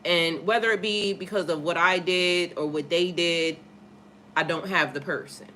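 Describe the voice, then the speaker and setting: A woman's voice: fairly low pitch, fairly even intonation, normal speed, bright, forceful tone, a little hiss or hum. A woman, a spiritual life coach, telling a personal story on a casual livestream in a candid, profane way and greeting viewers in the chat.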